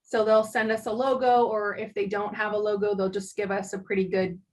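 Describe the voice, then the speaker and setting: A woman joins a casual interview over a video call, explaining her products in a chatty way. She talks easily and fills her pauses with "um.". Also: mid-range voice, flat delivery, a little mellow, low-quality recording. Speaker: guest, glove company owner.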